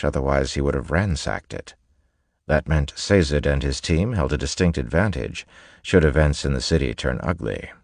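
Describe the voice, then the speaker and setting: A man narrating an audiobook with a steady, even reading. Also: extremely low pitch, creaky, no echo, clean studio sound.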